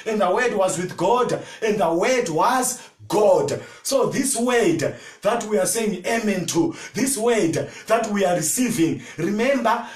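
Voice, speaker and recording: A male pastor preaching a fervent sermon, often shouting and calling out to the congregation for replies. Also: high voice. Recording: echoey room, from far off.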